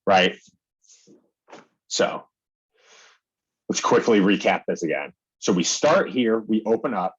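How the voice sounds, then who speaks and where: A man's voice: on the low side, expressive, slow, pauses often, husky, lo-fi sound. A young man casually walking through trading charts on his screen, chatty, peppering his talk with "like" and "okay" and acting out his own reactions. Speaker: day trading educator.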